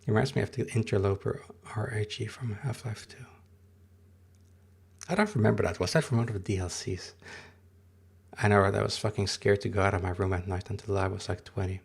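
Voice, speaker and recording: A man's voice: lowish voice, fairly even intonation, a little fast, vocal fry, slightly rough. A man in his thirties, not a native English speaker, chatting in a rambling, casual way on a livestream and answering his chat.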